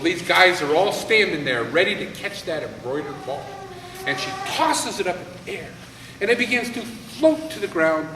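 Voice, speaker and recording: A man telling a folktale aloud in an animated way, with dramatic pauses. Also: high voice, slight background noise. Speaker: storyteller. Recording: echoey hall, voice from far off, faint ambience.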